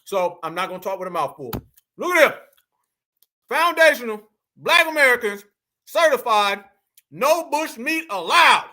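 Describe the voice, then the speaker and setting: Guy hosting a live stream, super high bright voice, loud joking with chat, chewing food as he talks. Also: very animated, moderate pace, pauses often. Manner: loud, bantering, eats while talking. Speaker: livestream host. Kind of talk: casual livestream chat.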